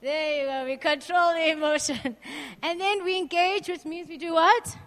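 A young woman speaking to a youth group as its leader, earnest and personal, asking the group lively questions. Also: very high-pitched, normal speed. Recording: long hall reverb.

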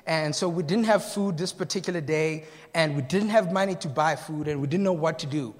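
Male pastor from South Africa, high voice, sermon storytelling, long hall reverb. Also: fairly quick. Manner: storytelling, laughs at own jokes, asks the congregation questions. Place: church hall.

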